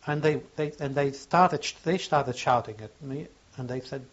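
Older man, interviewee, halting and searching for words; average pitch, dull lo-fi recording. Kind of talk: oral history testimony.

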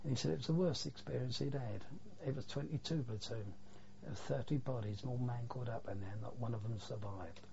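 Here the same kind of interviewee, an older man who served in the war, talks briskly at a medium pitch with some vocal fry, telling his memories plainly and earthily with light swearing. Background noise is audible on a dull, lo-fi oral history recording.

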